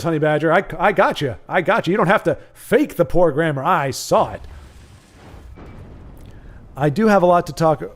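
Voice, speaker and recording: Streaming a card game, this young male host chats loosely with his audience in a somewhat high voice at an ordinary pace. He pauses frequently and keeps rambling, often starting over mid-thought.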